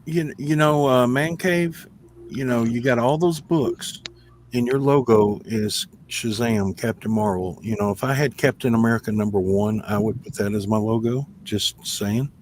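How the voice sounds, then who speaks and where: A man's voice: medium pitch, normal speed, darkish tone, a little hiss or hum. A man in a casual group chat, teasing his friends in an easygoing way.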